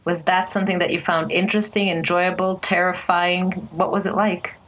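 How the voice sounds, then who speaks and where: Low-voiced woman interviewer. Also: level tone, moderate pace, a bit bright, slight background noise, rough recording. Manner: brief, encouraging interjections. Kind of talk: casual interview.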